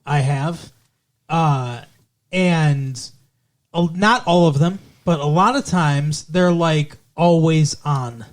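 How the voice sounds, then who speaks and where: A man co-hosting a podcast, recapping a TV show in casual chat with animated, profane ranting and lots of fillers. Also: a little high, slow pace. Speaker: podcast co-host.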